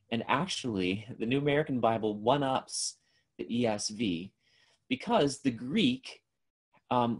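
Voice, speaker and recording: A man's voice: medium pitch, a little mellow. Earnest male lecturer, mid-range voice, talks off the cuff with fillers and restarts. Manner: earnest, thinks aloud with many restarts and fillers; reads scripture aloud in measured lists. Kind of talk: recorded seminary lecture.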